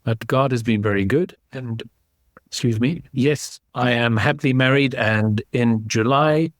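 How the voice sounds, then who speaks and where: A man in his sixties speaks with a South African accent that carries a touch of English. His voice sits at a middling pitch, and he tells his story in a measured, unhurried way. The sound is dry and close. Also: dry recording. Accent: South African with some English. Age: 60s. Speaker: guest. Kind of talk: casual interview. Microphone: video call.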